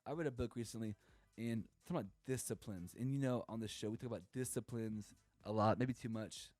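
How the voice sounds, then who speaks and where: Young man, podcast co-host, mellow warm voice, dry close sound, rambling comic storytelling. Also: lowish voice, a little fast, no echo. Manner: rambling, joking, acts out quoted voices. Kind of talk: casual comedic monologue.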